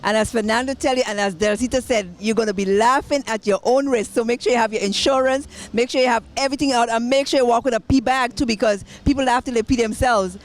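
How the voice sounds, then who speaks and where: A woman's voice: on the high side, fast, hardly any pauses. Upbeat woman TV reporter. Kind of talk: on-the-spot interview.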